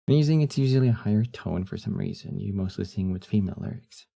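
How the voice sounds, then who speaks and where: Deep, husky young man streaming casually. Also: lively intonation, quick pace, mellow. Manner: laid-back, laughs often, trails off with fillers. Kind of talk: casual live-stream chat.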